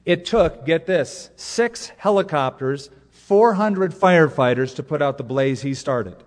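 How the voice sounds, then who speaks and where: A man's voice: on the high side, animated, a little slow. A man preaching a sermon, telling jokes and stories and repeating words for emphasis. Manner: storytelling with jokes, emphatic repetition. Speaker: pastor. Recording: long reverb of a large hall.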